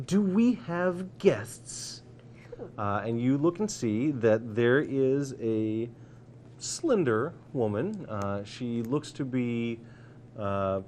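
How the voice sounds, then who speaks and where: Male dungeon master, low voice, halting and filler-heavy delivery, light room hum. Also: a little mellow. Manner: hesitant, many fillers, joking. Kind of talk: narrating a tabletop game.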